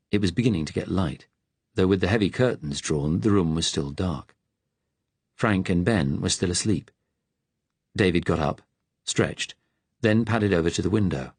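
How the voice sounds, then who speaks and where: A man narrating an audiobook in a measured, even way. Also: sits low, slightly rough, no room sound. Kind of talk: scripted narration.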